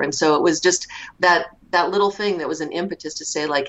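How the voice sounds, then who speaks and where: Low-voiced woman in her fifties. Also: fairly quick, fairly bright tone, dull audio. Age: 50s. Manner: reflective, many fillers and restarts. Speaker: interview guest. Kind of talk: conversational interview.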